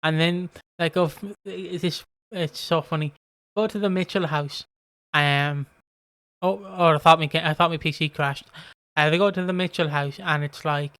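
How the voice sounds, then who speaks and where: Chatting casually on a podcast he co-hosts, an Irish man recaps a soap's episodes and performs the characters' lines. He speaks at a normal speed in a slightly high, steady voice that is a bit bright, clear and resonant, with no room sound.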